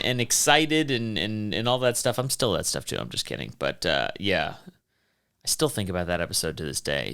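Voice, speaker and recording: A man hosting his own podcast, rambling through past episodes in a joking, animated way and swearing freely. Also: mid-range voice, smooth. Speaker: podcast host. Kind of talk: rambling solo podcast monologue.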